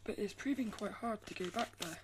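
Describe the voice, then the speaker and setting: A woman artist talking casually to camera, soft-spoken and often dropping into a breathy half-whisper, rambling and restarting her phrases. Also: medium pitch, a little fast, slight background noise. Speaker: artist vlogger.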